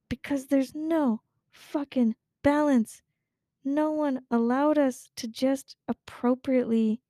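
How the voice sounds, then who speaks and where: A woman's voice: medium pitch, mellow, no room sound, clean studio sound. A young adult woman hosting a casual talk show, venting with frequent swearing and laughter. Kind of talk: casual chat.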